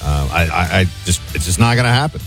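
A man's voice: low-pitched, lively intonation, fast talker, gravelly, fairly bright tone, faint music behind. A man hosting a call-in radio show, casual and blunt, repeating his points. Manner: casual, dismissive, repeats himself. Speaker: radio talk host.

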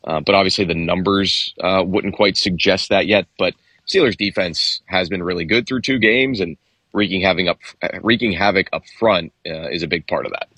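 A man co-hosting a sports radio show, talking football in a halting way with many restarts. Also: low voice, pushed and bright, breathy edge, no room sound. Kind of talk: casual sports talk.

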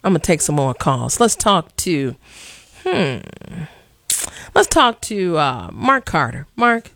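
A woman's voice: sits low, sing-song, takes it slowly, a bit bright, no room sound, clean studio sound. A woman hosting a call-in talk radio show, blunt and sassy, pressing her callers hard.

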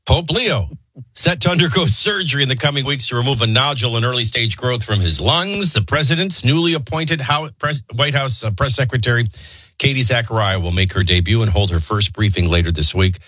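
A man's voice: medium pitch, bright, forceful tone, breathy edge, no room sound. A man hosting a morning radio talk show, reading news and chatting with callers in a wry, conversational way while he has the hiccups. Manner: quick, conversational, wry asides.

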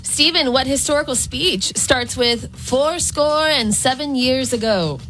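Female radio co-host, slow, bright voice, reading quiz questions. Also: sits high, faint music behind.

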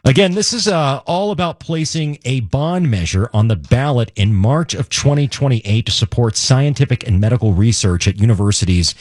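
Male talk radio co-host, husky, dry close mic, wry and lively. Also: medium pitch, normal speed, hardly any pauses, no room sound. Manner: wry, mock-indignant. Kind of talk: casual political banter.

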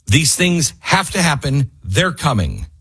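Male radio talk host, husky, voice swings wide when worked up, fiery monologue. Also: a little high, very animated, a little slow. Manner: rising to near-yelling, fiery and exasperated. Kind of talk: impassioned political monologue. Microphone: studio microphone.

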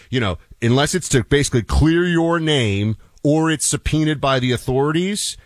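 A man's voice: fairly high pitch, lively intonation, normal speed, hardly any pauses, no echo, clean studio sound. A man co-hosting a political talk radio show, chatting casually and telling stories with emphatic asides. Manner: conversational, storytelling, emphatic asides.

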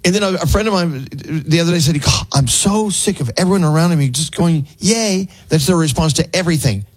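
A man's voice: on the high side, brisk, husky. A man hosting a morning radio show, chatting casually with his co-hosts in a playfully exaggerated way. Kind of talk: casual studio banter. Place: radio studio.

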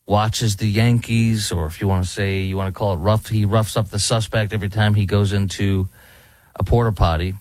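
A man's voice: on the low side, steady tone, moderate pace, a little mellow, no echo. A man hosting a talk show, giving indignant, emphatic commentary with many fillers. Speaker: talk radio host. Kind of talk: opinionated commentary.

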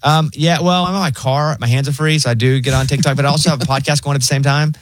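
A young adult man co-hosting a casual chat show, telling stories in an animated way and acting out voices. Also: on the high side, fast talker. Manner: animated storyteller, acts out a chill robot voice. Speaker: co-host.

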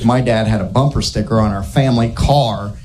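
A man doing a stand-up comedy set, telling a rambling absurd story in a deadpan way. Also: lowish voice, a little fast, slight background noise.

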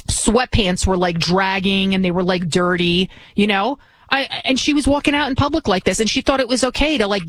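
A woman in her forties delivers an indignant, ranting talk radio monologue at an everyday pitch. Her voice sounds close and completely dry, with no room sound behind it. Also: a bit bright, no room sound, low-quality recording. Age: 40s. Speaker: radio talk show host.

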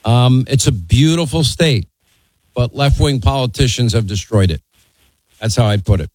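A man's voice: mid-range voice, normal speed, darkish tone, dry recording, low-quality recording. A man hosting a talk radio show and taking calls, blunt, opinionated and teasing, from New York.

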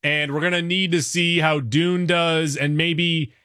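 A man co-hosting a podcast, chatting about a film in a playful, animated way. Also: on the high side, measured pace, dry recording, studio quality. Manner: animated, playful, acts out quotes. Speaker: podcast co-host. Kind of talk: casual movie review chat.

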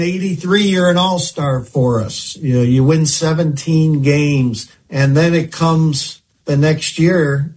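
A man with a fairly high voice asking questions and leading a relaxed interview. He speaks slowly and measuredly, and he works the guest's numbers into his lines. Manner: measured, warm praise, recites statistics. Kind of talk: conversational interview.

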